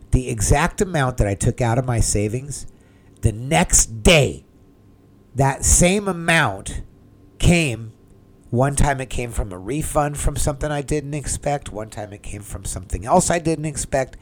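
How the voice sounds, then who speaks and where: A man casually telling a personal story to the camera in an excitable, rambling way, acting out the conversations he had. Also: mid-range voice. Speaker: vlogger.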